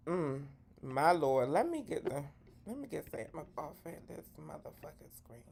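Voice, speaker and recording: Sassy low-voiced woman host. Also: big pitch swings, moderate pace, vocal fry, darkish tone, breathy edge. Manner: sassy, profane, dramatic; swoops into high exclamations. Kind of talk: live gossip commentary.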